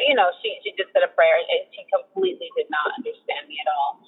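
A man's voice: high voice, huge pitch swings, breathy edge, in a large hall. Earnest man on a tinny phone line. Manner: earnest, halting, with nervous laughs. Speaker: guest sharing testimony. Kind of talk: emotional personal testimony.

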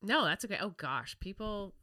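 A woman's voice: mid-range voice, expressive, moderate pace, bright, forceful tone, dry recording, clean studio sound. A woman hosting a podcast interview, answering her guest with short, supportive replies and asking the next question. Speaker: podcast host. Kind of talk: casual interview.

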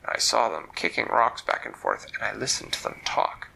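A man's voice: lowish voice, huge pitch swings, moderate pace, creaky, background noise. A man telling a fantasy story aloud, leisurely and repeating words for effect. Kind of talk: oral storytelling.

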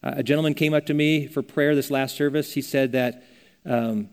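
A man's voice: mid-range voice, fairly even intonation, normal speed, darkish tone, smooth. An older man preaching a sermon as a pastor, earnest and conversational, telling stories as he teaches. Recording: long reverb of a church hall.

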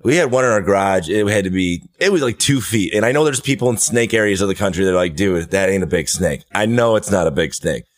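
A man hosting a podcast, telling stories in a loose, animated way and swearing casually. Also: on the low side, fast, hardly any pauses. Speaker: podcast host. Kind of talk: casual chat.

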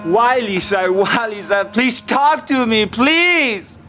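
An overwrought pleading fiancé, weird pauses, high swingy voice, movie music under it. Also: male voice, animated, sharp tone, heavily acted. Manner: halting odd pauses, overwrought. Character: intense heartbroken man pleading with his fiancée. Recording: movie clip with music behind.

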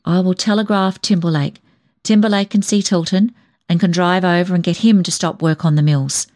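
A kind, steady young man from a storybook, speaking in a low, soothing voice, read by a woman. He sounds tender and reassuring, calm even when he is troubled. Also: moderate pace, close to an everyday voice. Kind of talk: audiobook dialogue.

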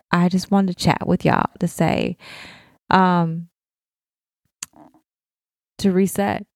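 A middle-aged woman hosting a podcast, talking with deep feeling and speaking straight to other mothers in casual, heartfelt chat. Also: vocal fry, no room sound, studio quality. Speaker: podcast host. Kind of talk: heartfelt casual talk to listeners.

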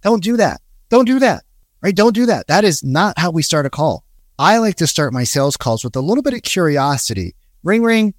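A man's voice: a little high, very animated, fairly quick, dry recording, clean studio sound. A man giving casual sales coaching. He talks conversationally, often checks in with "right?" and acts out sample calls. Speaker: sales trainer.

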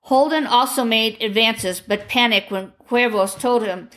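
A woman narrating a true crime story in a grave, measured reading voice. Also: a little high, fairly bright tone.

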